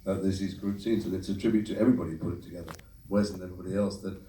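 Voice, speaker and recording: A man, a voice actor on a convention panel, answering audience questions in a quick, rambling way. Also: deep voice, steady tone, mellow. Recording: echoey hall, distant mic, faint noise.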